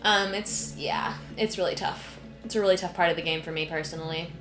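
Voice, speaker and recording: A young woman streaming a video game, chatting casually and emotionally with lots of fillers and soft laughs. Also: fairly low pitch, steady tone, a little fast. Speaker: gaming streamer. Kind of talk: casual let's-play commentary. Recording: echoey room, game music behind.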